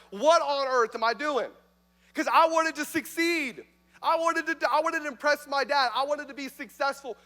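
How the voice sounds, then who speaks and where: High-voiced youth pastor, chatty. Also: male voice, bright, forceful tone. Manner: chatty, joking, many likes and fillers. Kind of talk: youth sermon. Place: church youth service. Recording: reverberant church hall.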